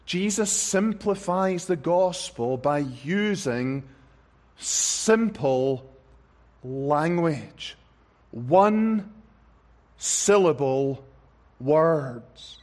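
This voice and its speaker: A man's voice: a little high, lively intonation, very slow, long pauses, a little mellow. A man preaching a sermon, stressing words one by one and repeating phrases for effect.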